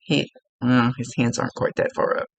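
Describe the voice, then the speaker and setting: A woman working as a psychic medium, giving a casual, chatty reading, blunt and quick to laugh, with the odd swear. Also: a bass voice, flat delivery, gravelly, highs cut off. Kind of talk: casual spoken reading for a client. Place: indoors at a table.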